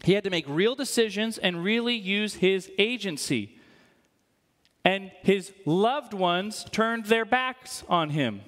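This is a pastor delivering a sermon in a high, light voice. He keeps it conversational and jokey, and often tosses in "right?" to the congregation. His voice rings out with a long hall echo from the church around him. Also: lively intonation, takes it slowly, a bit bright.

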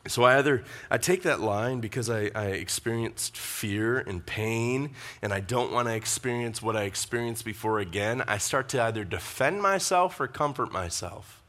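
A man's voice: medium pitch, expressive, moderate pace, hardly any pauses, a bit bright. A man preaching a conversational sermon, with asides to the congregation. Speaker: pastor.

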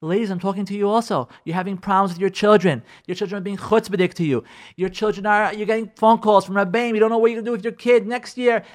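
Emphatic rabbi with a higher voice. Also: male voice, steady tone, quick pace. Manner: emphatic, repeats phrases, mixes in Hebrew and Yiddish terms; acts out listeners' imagined voices. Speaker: rabbi teaching a class. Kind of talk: radio Torah class on marriage.

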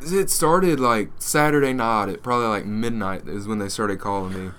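A man's voice: lowish voice, normal speed, a bit bright, clean tone. A man casually telling a crude prank story to a friend, slipping into put-on voices.

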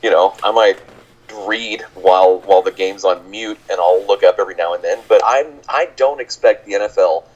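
A man's voice: low-pitched, moderate pace. A man co-hosting a podcast in casual chat, dry and sardonic, stammering on restarts. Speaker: podcast co-host. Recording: dull lo-fi sound.

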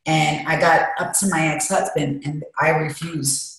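A woman being interviewed speaks in a slightly low, earnest voice, confessional and emphatic, pressing hard on what matters to her. She is recorded in a treatment center, and a heavy room echo hangs on every word. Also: steady tone, measured pace, vocal fry, a bit bright, a little hiss or hum. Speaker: interview guest. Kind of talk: candid interview talk. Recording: very echoey room.

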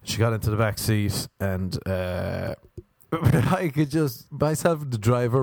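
A young Irish man telling a rambling, animated story. He laughs and jumps up in pitch for emphasis. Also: a little slow, vocal fry, no echo, clean studio sound. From Ireland. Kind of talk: casual storytelling monologue.

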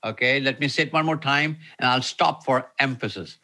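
Emphatic man preaching, bright voice. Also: mid-range voice. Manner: emphatic, repeats phrases slowly for emphasis. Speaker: pastor. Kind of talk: sermon with live Q&A.

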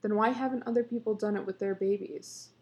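A woman's voice: medium pitch, steady tone, brisk, mellow, natural voice. A woman voicing an anxious, protective wife and mother in a read-aloud story, insistent and scolding. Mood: alarmed.

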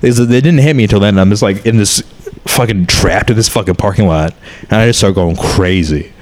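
A man's voice: on the low side, fairly quick, darkish tone. A man in his thirties, a comedian, talking candidly and rambling in a casual chat, swearing often.

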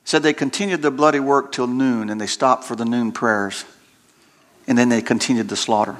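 A man's voice: medium pitch, moderate pace, fairly bright tone. A male preacher delivering a sermon, retelling scripture stories dramatically and often repeating words as he restarts his sentences.

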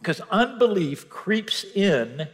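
A male preacher delivering a sermon in a lively voice that rises and falls. He acts out scenes and swings between loud lines and near-whispers, with a long reverb trailing off the walls of a big church hall. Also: high-pitched, slow pace.

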